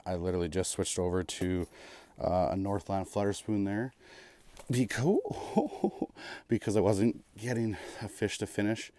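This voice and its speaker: Heard with no echo, this fishing vlogger's low-sitting voice carries lively live commentary as he ice fishes inside a shelter on a frozen lake. He keeps erupting into cheers and repeating exclamations.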